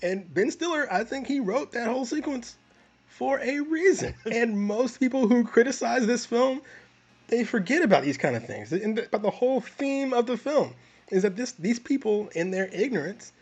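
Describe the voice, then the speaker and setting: A man co-hosting a film review podcast, talking in an animated way with frequent laughs and restarts. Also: very high-pitched, moderate pace, husky. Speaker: podcast co-host. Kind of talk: casual film review chat.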